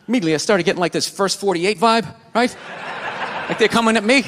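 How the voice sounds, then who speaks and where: A man with a Boston accent doing a stand-up comedy set, ranting sarcastically and swinging from low mutters to yelled bits. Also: quick pace, a little hiss or hum. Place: comedy club stage. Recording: reverberant venue with crowd laughter. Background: audience laughter.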